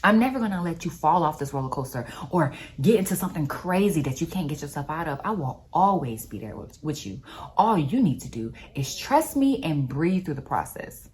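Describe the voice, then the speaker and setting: God, gentle and steady, reassuring, low and quiet, played by a woman in her own voice. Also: a little fast. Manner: soft and calm.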